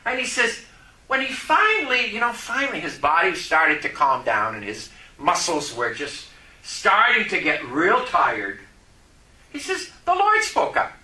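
A man preaching a sermon, telling a story and rising to loud, impassioned outbursts. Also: high-pitched, very animated, a little slow. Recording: echoey room.

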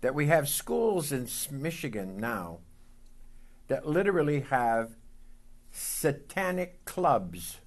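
A man preaching a sermon as pastor, leading call-and-response lines and reading scripture slowly and deliberately. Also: medium pitch, sing-song.

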